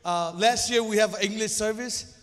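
Young male guest preacher, second-language English speaker (Zomi native), high voice, halting and nervous delivery, long church reverb. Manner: hesitant, stumbling and restarting. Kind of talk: church sermon.

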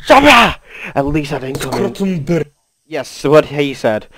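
A man's voice: a little high, unhurried, noisy background. A man giving casual, playful commentary on his own gameplay, swearing and yelping when surprised. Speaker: gaming video host. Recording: game gunfire over the voice.

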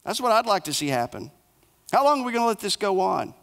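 A male pastor delivers a sermon in a fairly high voice. He builds his points in short, repeated phrases. He drops soft and low for the sorrowful parts. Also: sing-song, fast talker, vocal fry.

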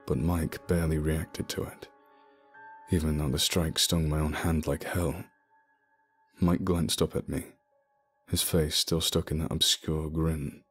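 A man narrating a spooky story in the first person, telling it in a steady, low-key way. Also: a little slow, breathy edge. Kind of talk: scripted horror narration. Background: soft music.

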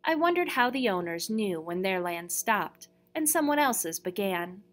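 A woman narrating a first-person novel in a steady, measured storytelling voice. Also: mid-range voice. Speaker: audiobook reader.

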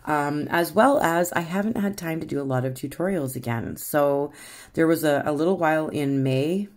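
Canadian woman, very deep voice, giggly chatty tutorial host, rambling. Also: normal speed. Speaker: rock painting channel host. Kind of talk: casual painting tutorial chat.

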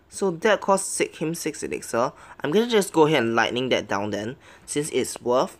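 Young male gameplay commentator, mid-pitched, excitable, mutters plans, yelps and pleads at close calls. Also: normal speed, few pauses. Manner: pleads and begs at the game. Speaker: game commentator.

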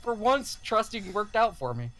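A man chatting casually while playing a multiplayer game with friends, and he thinks out loud about what he is doing. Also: sits high, big pitch swings, normal speed, soft background music. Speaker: player. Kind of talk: casual gaming chat.

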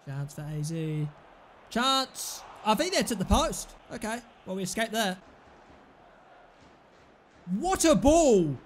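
A young man commentating his own football video game play, excitable, shouting at big moments and muttering in between. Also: high voice, slow pace, long pauses, a little hiss or hum. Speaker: gaming commentator. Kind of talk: live let's-play commentary.

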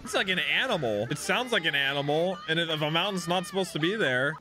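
Young guy reacting to anime, super animated, voice all over the place, hype then dismay, bright. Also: sits high, moderate pace, vocal fry, few pauses. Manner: excitable, exclaiming, swinging from hype to dismay. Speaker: reaction video host. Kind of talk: casual anime reaction commentary.

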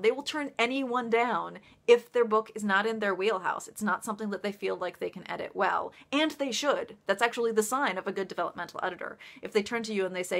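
A woman's voice: mid-range voice, fairly quick, gravelly, hardly any pauses. A woman author chatting casually on a livestream, rambling a little and laughing often.

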